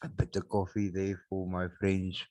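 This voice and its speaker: A South African man hosting a solo podcast, rambling and mocking, with sudden loud outbursts and laughs, on a backup microphone. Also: low voice, monotone, moderate pace, no echo. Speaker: podcast host.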